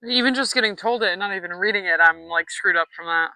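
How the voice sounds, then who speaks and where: Woman podcast co-host, quick lively delivery, bright tone, reactive questions. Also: fairly low pitch, dry recording, poor audio. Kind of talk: casual chat.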